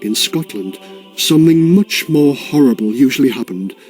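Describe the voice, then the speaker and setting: A man's voice: mid-range voice, animated, moderate pace, a little mellow, soft background music. Playful sing-song male storyteller. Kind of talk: scripted narration for children.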